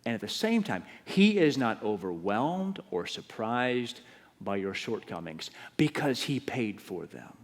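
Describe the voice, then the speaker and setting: A man preaching a sermon as pastor, telling the story with animated, acted-out delivery. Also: medium pitch, measured pace. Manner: animated storytelling, acting out scenes. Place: church. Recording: long church reverb.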